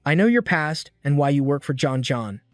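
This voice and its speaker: A man voicing a calm, cold young male swordsman with a firm, grim delivery. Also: on the high side, normal speed, dry recording, studio quality, soft background music, lightly acted.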